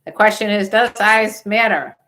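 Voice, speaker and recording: A woman's voice: mid-range voice, normal speed, fairly bright tone. An older woman hosting a casual livestream chat, joking bawdily and reading out viewer questions. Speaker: livestream host.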